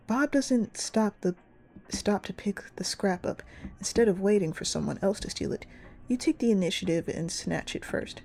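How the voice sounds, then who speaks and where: A young woman reading a story game aloud and reacting in an animated, giggly, slangy way. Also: mid-range voice, moderate pace, gravelly. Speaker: gamer playing a story game.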